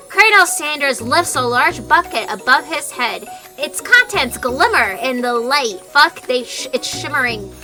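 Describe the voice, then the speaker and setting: A woman's voice: high voice, sing-song, measured pace, bright, forceful tone, faint music behind. A young woman streaming a dating game, reading its text aloud and joking about it in a playful way.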